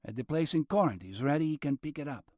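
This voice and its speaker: A male narrator voicing a laid-back man with a Mexican accent who speaks in an unhurried, matter-of-fact way. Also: on the high side, lively intonation, a little mellow, no room sound, clean studio sound, pitched above the performer's own voice, close to an everyday voice. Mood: easygoing.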